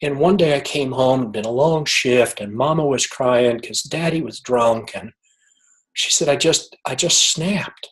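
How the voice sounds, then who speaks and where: Guy guest telling a story, gets choked up, trips over words, middle pitch. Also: rough recording. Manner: emotional, halting, repeats words. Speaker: guest author. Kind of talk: storytelling in conversation.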